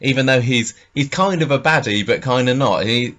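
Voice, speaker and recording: A man co-hosting a podcast, chatting in a relaxed, musing way with ums and laughs. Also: mid-range voice, normal speed. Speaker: podcast co-host. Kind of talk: casual chat.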